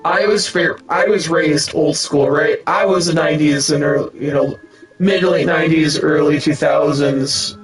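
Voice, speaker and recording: A man's voice: fairly high pitch, fairly even intonation, moderate pace, music in the background, poor audio. A man in his thirties from the United States, chatting casually while streaming a game, rambling and swearing with lots of fillers and restarts. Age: 30s.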